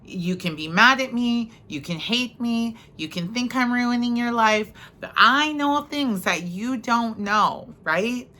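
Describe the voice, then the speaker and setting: Brief: middle-aged woman, motivational speaker, unhurried, bright tone, earnest and chatty. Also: on the high side, expressive. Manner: earnest, conversational, often asks "right?". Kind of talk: reflective spiritual talk.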